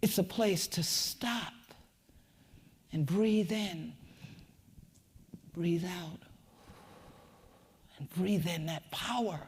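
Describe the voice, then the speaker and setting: A woman with a Gullah Geechee accent, from the Sea Islands, giving a rhythmic spoken-word keynote that swings between whispers and shouts. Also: lowish voice, very slow, long pauses, long reverb tail, slight background noise. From Sea Islands of the American Southeast. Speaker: community leader and keynote speaker.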